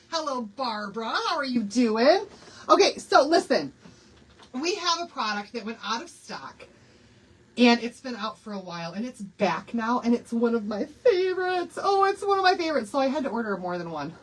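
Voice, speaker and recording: A woman's voice: fairly high pitch, husky, poor audio. A woman in her sixties hosting a live craft stream, chatty and bubbly, laughing often and greeting viewers by name. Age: 60s. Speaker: craft livestream host.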